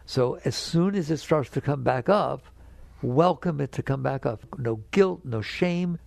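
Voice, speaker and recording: A man's voice: lively intonation, measured pace, creaky, no echo. An older man, a spiritual teacher, talking directly to an audience and often checking that they follow him. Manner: direct, conversational, keeps checking the audience understands; grows emphatic and higher when making a point.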